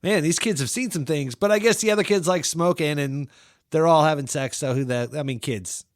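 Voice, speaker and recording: A man's voice: a little high, brisk, no room sound, clean studio sound. A man in his thirties co-hosting a casual film podcast, wry and joking, trailing off with fillers. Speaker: podcast co-host.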